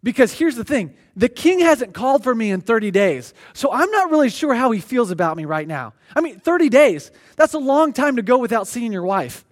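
High-voiced man preaching animatedly. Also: a little fast, hardly any pauses. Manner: animated, conversational storytelling. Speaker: pastor. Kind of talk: sermon.

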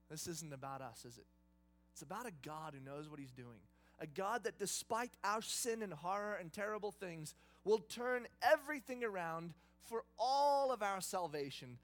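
A man preaching a sermon, retelling a story in a lively, conversational, dramatic way. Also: high voice. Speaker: pastor.

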